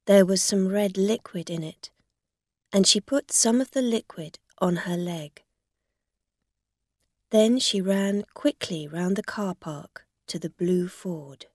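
A woman narrating a graded-reader story in a slow, careful, plain reading. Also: medium pitch, a little mellow, no room sound, clean studio sound.

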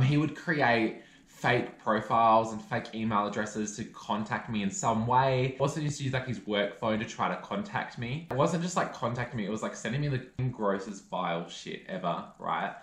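A man's voice: medium pitch, fairly quick, a bit bright, reverberant. A young man, telling a story in a chatty vlog style, full of "like" fillers. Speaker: vlogger.

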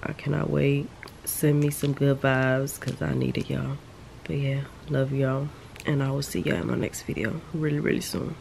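A woman's voice: rumbling low, little pitch movement, moderate pace, vocal fry, noisy background. A young woman vlogging from home while sick with a sore throat, talking candidly and rambling to her viewers. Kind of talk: casual vlog update. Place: at home, lying down.

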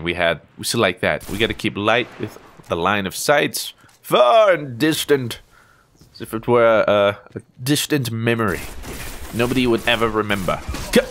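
An American man talks over a shooter game he is playing, swinging his voice up and down and breaking into yelps when a fight starts. He trash-talks opponents in a playful, joking way. There is faint background noise with clicks under his voice. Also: medium pitch. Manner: excitable, yelps and exclaims during fights. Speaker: gaming YouTuber. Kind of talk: casual gameplay commentary.

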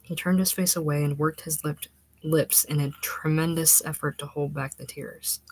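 Low, husky woman narrating a story. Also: fairly even intonation, moderate pace, darkish tone, dry recording, rough recording. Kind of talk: audiobook reading of a literary short story.

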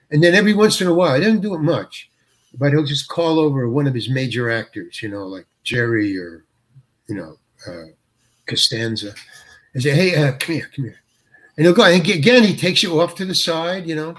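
Older male actor, husky and slightly high, halting storyteller who chuckles through his stories. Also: fairly bright tone. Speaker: actor guest. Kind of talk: anecdotal interview storytelling.

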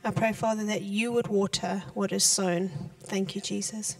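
A woman praying aloud in church, earnest and halting. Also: medium pitch, fairly even intonation, creaky. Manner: earnest, halting prayer with restarts. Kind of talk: spoken prayer. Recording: voice distant from the mic.

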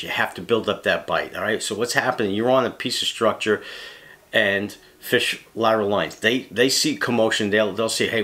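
Blunt man with a bright, forceful voice. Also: fairly low pitch. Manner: blunt, says "all right?" after nearly every point. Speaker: fishing guide. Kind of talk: casual how-to demonstration.

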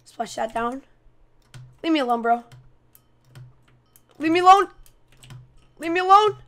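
Talking a little slowly, a high-pitched woman provides gameplay commentary for her channel, excitably chatting away and throwing playful jabs at the opponents.

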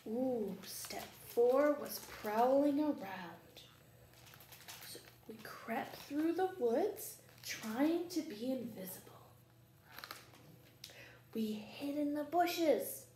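A playful woman librarian reads a children's picture book, asking the children questions as she goes. Her voice sits a little high and swings widely in pitch. The library room is echoey, with a faint hum behind her. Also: expressive, drawn-out words, warm tone. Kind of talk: children's storytime reading.

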